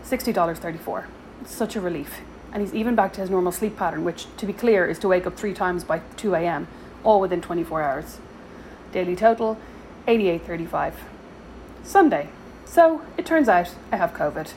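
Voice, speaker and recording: A woman's voice: on the low side, fairly quick, darkish tone, slight background noise, low-quality recording. A woman, reading her weekly spending diary aloud with dry, sarcastic asides and a slight sore throat. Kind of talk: scripted diary narration.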